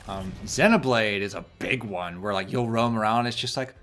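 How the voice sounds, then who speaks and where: A woman's voice: extremely low pitch, moderate pace, faint music behind. A woman chatting casually about video games, making wry joking asides and hedging her opinions. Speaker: let's play co-host. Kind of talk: casual gaming chat.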